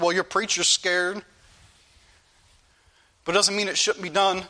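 A man's voice: sits high, flat delivery, a little slow, pushed and bright. A male pastor preaching an earnest, repetitive sermon that rises into pleading questions to his congregation.

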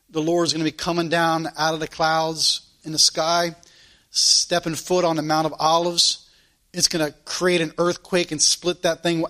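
A man preaching a sermon, reading scripture slowly and with emphasis, then talking fervently in a conversational way. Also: on the high side, a bit bright.

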